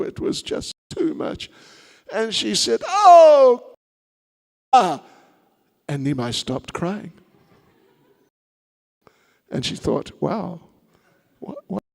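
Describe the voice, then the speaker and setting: A man's voice: high voice, creaky, big-room sound. A man, a monk at a seminar, telling a sermon story in a playful way with chatty asides to the audience.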